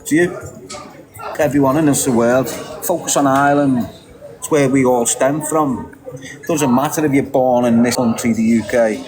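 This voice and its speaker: A man's voice: medium pitch, moderate pace, a crowd in the background, rough recording. A middle-aged man from England with a Liverpool accent, ranting emphatically as a podcast guest, repeating himself and laughing briefly. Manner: emphatic and repetitive, with short laughs. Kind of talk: ranting monologue.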